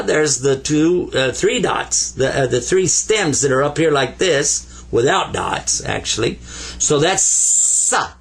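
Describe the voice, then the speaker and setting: An older man with a slightly husky voice teaches Arabic letters in a slow, patient way. His pitch rises and falls with lively swings as he playfully repeats each sound. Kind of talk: whiteboard language lesson.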